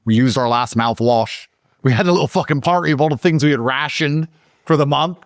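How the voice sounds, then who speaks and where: A man from Britain, a podcast guest telling a story in casual conversation, swearing often and pushing his voice up high when he gets worked up. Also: a little fast, no echo, clean studio sound. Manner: profane, emphatic, voice climbs high when excited.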